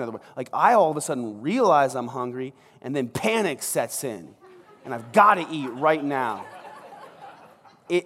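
A man's voice: on the high side, fairly bright tone. A man preaching a sermon as pastor in a large church, joking and conversational, acting out scenes as he goes. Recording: long reverb of a large hall.

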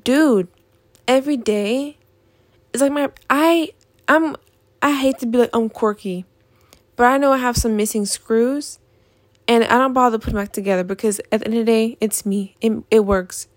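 A woman's voice: a little high, normal speed, dry recording. A young woman in a casual vlog, ranting in an exasperated, profane way about things that annoy her. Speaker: vlogger.

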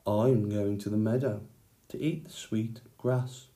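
A man voicing a small, timid billy goat in a children's story, speaking softly and higher than his own voice. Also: fairly even intonation, measured pace, roomy sound, natural voice. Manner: soft, pleading.

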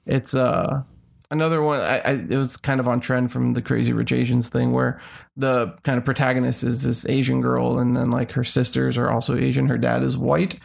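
A man with a strongly gravelly, fry-laden voice at mid pitch, chatting in an easygoing way. He pads his talk with fillers and wry asides as he sums up films. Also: little pitch movement, normal speed. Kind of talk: casual chat.

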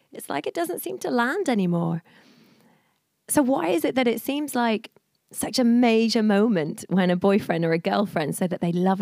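A woman in her forties giving an informal, storytelling sermon at a church service. She talks in a chatty way, laughing often and filling pauses with plenty of ums. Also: on the high side, gravelly, a little mellow, dry recording, clean studio sound. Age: 40s. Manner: chatty, laughing, many fillers. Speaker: church speaker.

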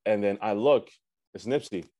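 Young man, from Canada, slang-heavy relaxed chat, low voice, dry recording. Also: moderate pace, no room sound. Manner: laid-back slangy talk with many fillers and profanity. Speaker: musician guest. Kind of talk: casual storytelling chat.

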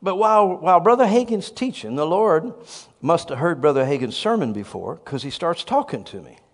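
A man who pastors a church, telling a story in a sermon with animated, self-deprecating humor. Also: on the high side, normal speed, big-room sound.

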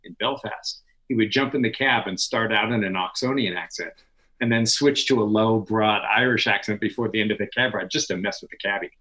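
A man who is a podcast guest and literature scholar, telling stories in an animated, knowledgeable way. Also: on the low side, brisk, rough recording. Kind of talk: conversational interview.

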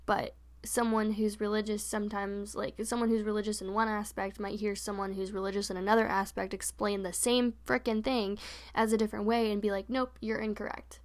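A young woman co-hosting a podcast, telling personal stories in a candid, animated casual chat full of fillers. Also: mid-range voice, a little fast. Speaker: podcast co-host.

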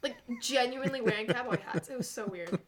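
A woman's voice: on the high side, quick pace, crowd noise. A young woman from Saskatchewan in casual chat, sarcastic and laughing often as she tells stories. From Saskatchewan, Canada.

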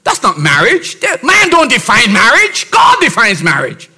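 A male pastor preaching a sermon with emphasis, dropping to soft asides and rising to shouted points, often asking his listeners "See?". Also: extremely high pitch, wildly swooping pitch, normal speed, husky. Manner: keeps checking on listeners with "See?".

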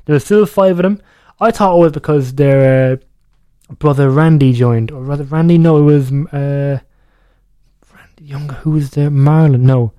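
A man's voice: fairly high pitch, normal speed, dark tone, no room sound. A young man hosting a music radio show, chatting casually in a rambling way and often correcting himself. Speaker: radio DJ host.

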